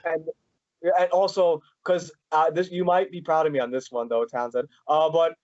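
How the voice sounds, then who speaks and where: A man hosting a casual fan interview, talking in a rambling, halting way with many restarts. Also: on the high side, steady tone, darkish tone, dry recording, muffled recording. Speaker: podcast host.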